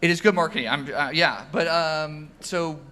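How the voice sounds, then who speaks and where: A man with a bright, slightly high voice tells a story at a live onstage interview. He is animated and restarts his sentences often, filling pauses with ums. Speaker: founder and CEO. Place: event stage before an audience.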